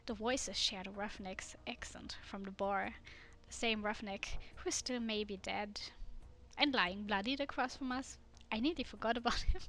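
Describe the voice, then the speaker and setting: A woman streamer reading a dating game aloud in a soft, immersive way. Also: mid-range voice, normal speed.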